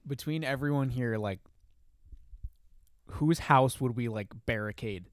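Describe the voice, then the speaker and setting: A man's voice: medium pitch, a little slow, no room sound, clean studio sound. A man co-hosting a casual podcast chat, laid-back and slangy, rambling with fillers. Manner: laid-back slangy talk, says "dude" often. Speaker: podcast co-host.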